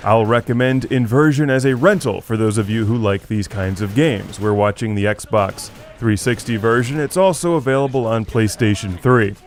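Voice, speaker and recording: A man's voice: medium pitch, moderate pace. A man narrating a scripted video game review as the show's host, in a wry tone with dry joking asides.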